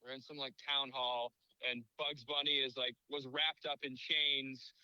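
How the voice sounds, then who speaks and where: A man's voice: medium pitch, little pitch movement, measured pace, bright, forceful tone, clean tone, no room sound, rough recording. A young man co-hosting a podcast in casual movie-review chat, chiming in with short remarks and laughing along. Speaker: podcast co-host.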